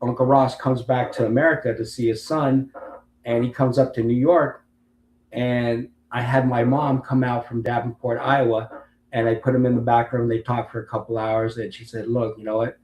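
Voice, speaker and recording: A man's voice: mid-range voice, flat delivery, normal speed, darkish tone. A man in his late fifties, a Marine veteran and interview guest, telling a long story and acting out other people's lines. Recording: roomy with faint background hum.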